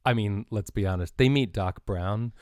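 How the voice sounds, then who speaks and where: A man's voice: lowish voice, normal speed, no echo, clean studio sound. An American man co-hosting a podcast in casual chat, joking and retelling stories with lots of ums and uhs. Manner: joking, animated storyteller with many fillers. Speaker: podcast co-host.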